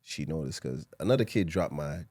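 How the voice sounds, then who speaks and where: A man's voice: very deep voice, lively intonation, brisk, a little mellow, husky, no echo, clean studio sound. A man from Miami, a podcast guest, telling stories from his life in a laid-back, reflective way with casual slang. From Miami, Haitian family. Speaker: podcast guest, former football player. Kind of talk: casual interview storytelling.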